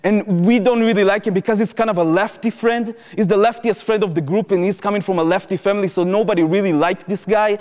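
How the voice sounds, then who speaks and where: A young adult man from Israel with an Israeli accent, telling a personal story to an audience in an animated way, acting out what people said, in non-native English. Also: high-pitched, quick pace, few pauses. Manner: animated, acts out quoted speech, non-native phrasing. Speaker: former soldier giving testimony. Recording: reverberant hall, live talk.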